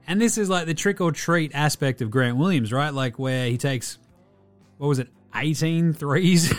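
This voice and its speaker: Wry man ranting about basketball. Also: medium pitch. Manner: profane, wry, rambling. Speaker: podcast host. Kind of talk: casual basketball recap.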